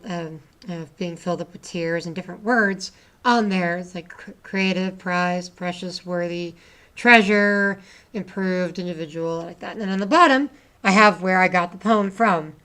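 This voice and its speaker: A woman's voice: on the low side, fairly bright tone. A woman teacher explaining a poetry assignment to her students, chatty, with asides and frequent restarts.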